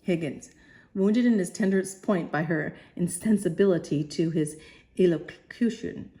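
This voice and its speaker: A woman reading a play aloud, giving the stage directions in a measured way. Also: fairly low pitch, mellow. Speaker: reader.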